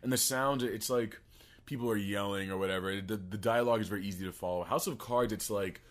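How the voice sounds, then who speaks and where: A man's voice: lowish voice, fast. A man co-hosting a podcast in casual, teasing, profane banter. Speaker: podcast co-host.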